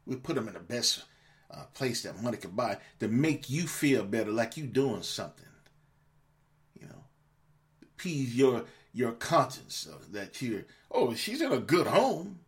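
A man's voice: medium pitch, lively intonation, measured pace. A man hosting a podcast, ranting angrily and profanely at his listeners, scolding them and repeating words as he gets worked up. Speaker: podcast host. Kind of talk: angry monologue rant.

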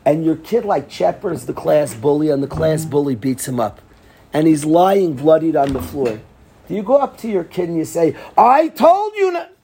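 A man's gravelly voice carries a lively Torah class, his pitch leaping up and down as he acts out the quotes. He teaches as a rabbi, drops Hebrew and Yiddish terms into his English and laughs often, with faint noise under the recording. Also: normal speed.

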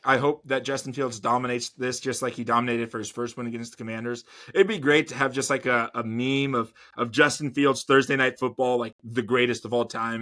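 A man co-hosts a sports podcast in a middle-pitched voice. He talks casually and rambles, repeating words and trailing off before he lands a point. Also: fairly bright tone. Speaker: podcast co-host.

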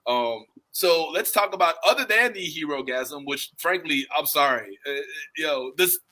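A man with a high, very bright voice hosts a casual podcast. His pitch swings widely as he talks. He laughs often and keeps restarting his sentences. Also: expressive, moderate pace, low-quality recording. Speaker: podcast host. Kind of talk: casual chat.

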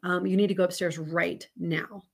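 A woman's voice: fairly low pitch, steady tone, moderate pace, creaky, breathy edge. A woman in her thirties, a podcast guest, telling a candid, reflective story about parenting in a casual interview.

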